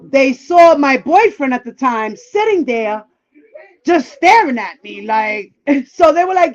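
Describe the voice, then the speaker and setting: A woman with a high voice tells a personal story in a loose, candid way, swearing freely and acting out the lines of the people in it. Her voice comes through slightly muffled, like audio from a live stream. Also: lively intonation, slow pace. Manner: candid and profane, acting out quoted dialogue. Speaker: livestream guest. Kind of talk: casual storytelling.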